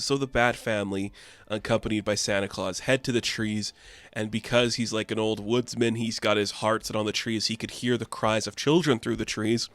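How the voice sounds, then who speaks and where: A man's voice: lowish voice, fairly even intonation, fairly quick, a bit bright, smooth, no room sound. A man recapping a comic book in a casual, offhand and chatty way, full of fillers.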